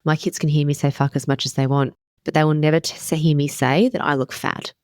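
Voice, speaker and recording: A woman's voice: sits low, fairly even intonation, a little fast, no room sound, clean studio sound. A woman in her thirties hosting a casual motivational podcast as a wellness coach, candid and emphatic, swearing casually.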